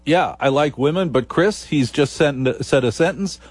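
A man from New Jersey with a New Jersey accent, hosting a comic radio talk show, playful and often dropping into a slow, low, seductive register. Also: husky, no echo. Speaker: radio host.

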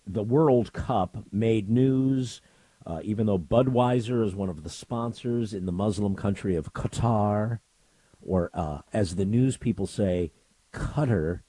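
A middle-aged man talking on air in a casual, opinionated way. His voice is husky and dark, and the recording sounds dry and close. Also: lowish voice, unhurried, no echo. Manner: opinionated, grumbling, playful. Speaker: radio host.

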